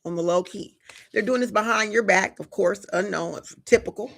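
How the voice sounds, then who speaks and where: A woman's voice: medium pitch, normal speed, vocal fry, fairly bright tone. A woman giving a live collective tarot reading, talking casually and directly to her viewers with slang and frequent chatty asides. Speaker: tarot reader.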